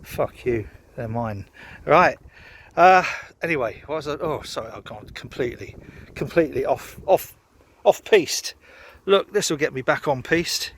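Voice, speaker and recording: A man's voice: medium pitch, expressive, measured pace, a bit bright, slight background noise. A man chatting casually in a rambling, sweary, self-mocking way, vlogging from his garden. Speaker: home brewer vlogger. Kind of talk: casual rambling vlog chat.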